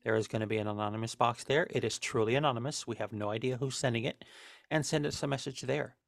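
A man co-hosting a podcast in easy, casual chat, repeating himself and teasing his partner. His voice is gravelly with a dry, close sound. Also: mid-range voice, fast, dry recording. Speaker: podcast co-host.

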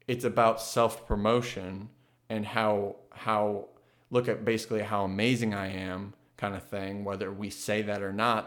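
A man's voice: on the low side, fairly bright tone. A man talking in a casual, reflective monologue, earnest and thinking aloud, with frequent restarts.

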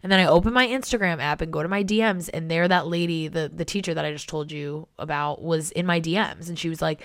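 A young woman hosting a casual solo podcast, chatty and excitable, swearing freely and filling her talk with "like". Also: low voice, fast, few pauses. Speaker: podcast host.

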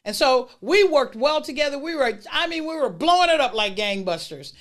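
A middle-aged woman telling personal stories about her career mentors in a lively, emphatic way. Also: sits high, normal speed. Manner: emphatic, lively retelling with acted-out dialogue. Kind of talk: personal storytelling talk.

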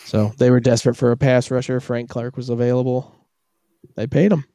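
A man's voice: medium pitch, level tone, a little fast, mellow, no echo, studio quality. A man co-hosting a casual sports chat, ranting animatedly and swearing freely. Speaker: podcast co-host.

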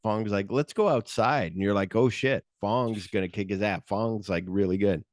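A man's voice: on the low side, fairly even intonation, moderate pace, a little mellow, dry recording, clean studio sound. A man co-hosting a podcast, recapping a movie in casual profane chat and acting out the scenes in quoted voices. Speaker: podcast co-host.

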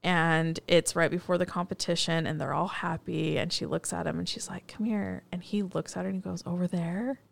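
A woman's voice: on the low side, fairly quick, vocal fry, few pauses, a little hiss or hum. A woman co-hosting a casual chat, animatedly retelling scenes and quoting the characters. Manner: chatty, animated retelling with quoted lines. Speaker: podcast co-host. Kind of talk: casual chat recapping a TV movie.

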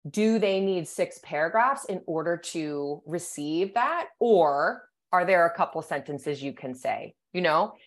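Lower-voiced woman explaining thoughtfully. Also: animated, unhurried, hardly any pauses. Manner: thoughtful, explanatory, many "you know" and "right?". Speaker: sports psychologist guest. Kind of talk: podcast interview.

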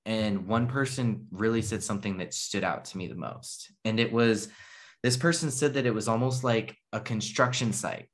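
A man's voice: lowish voice, moderate pace. A man telling a story in casual chat, rambling and correcting himself, laughing at his own tale.

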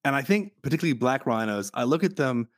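A man's voice: mid-range voice, animated, quick pace, dry recording. A man hosting a podcast, telling vivid anecdotes in casual chat with some swearing. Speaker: podcast host.

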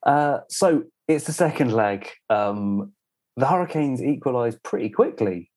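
A man's voice: medium pitch, animated, a little slow, darkish tone. A young adult man co-hosting a podcast, talking in a rambling, casual way full of fillers. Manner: rambling, filler-heavy banter. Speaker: podcast co-host. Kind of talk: casual chat.

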